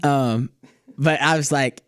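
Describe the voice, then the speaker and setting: A man's voice: mid-range voice, slow pace, smooth, dry recording, studio quality. A man co-hosting a podcast, chatting casually and asking loose, rambling questions. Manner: relaxed, asks rambling questions. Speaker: podcast co-host. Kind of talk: casual chat.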